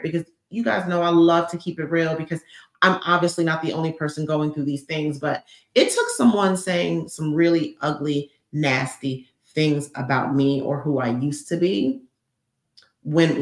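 A woman hosting a motivational live stream, talking in an emphatic, lively and outspoken way. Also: mid-range voice, normal speed. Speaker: livestream host. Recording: roomy echo.

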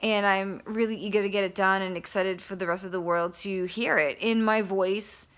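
A woman talking candidly to camera in a casual vlog, rambling with fillers and restarts, openly excited. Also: mid-range voice, normal speed. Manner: excited and enthusiastic. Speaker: vlogger and author.

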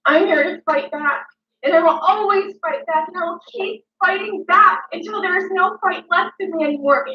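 A woman's voice: very high-pitched, moderate pace, recorded from a distance. A woman playing a dramatic female influencer, ranting emotionally at her critics with repetition and swearing. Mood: defiant. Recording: dull, echoey room, mic set back.

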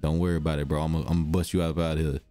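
Young gaming host: low, dark voice, jumpy, slangy let's-play chatter. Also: male voice, rapid-fire. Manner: excitable, slangy, talks to himself; drops to a hush when the game gets quiet.

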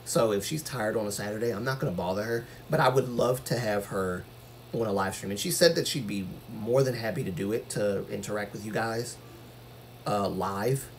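A man's voice: on the low side, normal speed, a little hiss or hum. A man talking casually to viewers on his live stream, earnest and rambling, with a voice that carries when he gets passionate.

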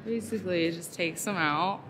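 A woman's voice: fairly low pitch, moderate pace, background noise. A woman chatting casually on a live stream while she makes something, talking in her real voice with lots of fillers like "like" and "so". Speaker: ASMR creator. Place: busy convention hall.

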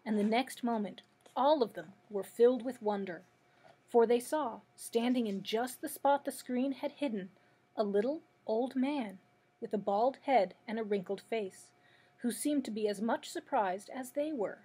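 A woman librarian reading a children's book aloud in steady narration. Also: on the high side, measured pace, breathy edge. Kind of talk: storybook read-aloud.

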